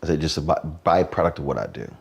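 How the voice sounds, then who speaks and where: Deep gravelly animated male host. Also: fast talker, highs cut off. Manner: animated storyteller, acts out quotes. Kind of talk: conversational interview.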